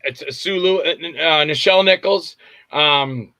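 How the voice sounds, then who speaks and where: Man, film director as interview guest, rambling, keeps groping for names, slightly high, bright voice, dry sound. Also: moderate pace, no room sound, highs cut off. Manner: rambling, often gropes for names. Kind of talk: casual interview storytelling. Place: lives in Tampa.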